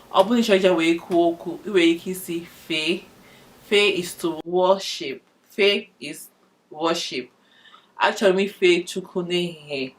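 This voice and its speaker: A woman with a Nigerian Igbo accent teaching the Igbo alphabet. She spells each letter slowly, then runs through example phrases quickly and translates them into English. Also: on the low side. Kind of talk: alphabet lesson with spoken examples.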